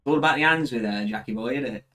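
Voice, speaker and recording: A man's voice: medium pitch, fast talker, sharp tone. A young man from England chatting casually and joking while reviewing footage of his football match. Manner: laughing, banter, quotes teammates with swearing.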